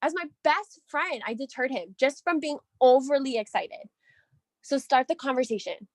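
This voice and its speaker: An energetic woman coaches her team on a call, talking in a chatty, eager way. Her voice sits a little high. The sound is dry and close. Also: normal speed, no echo. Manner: energetic, chatty, often checks in with "right?".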